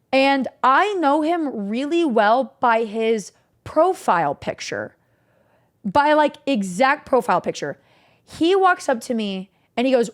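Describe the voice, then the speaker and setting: A young woman streamer casually recapping stories to her chat, animated and swearing freely. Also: high voice.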